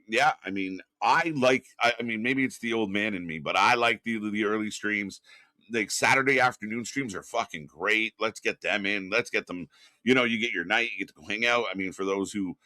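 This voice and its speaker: A man's voice: lowish voice, pushed and bright, no echo. A middle-aged man hosting a live stream from home, casually chatting, reading viewer messages and greeting people, with lots of fillers and some swearing. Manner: reads chat messages aloud and greets viewers; rambling with frequent fillers and restarts. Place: home studio.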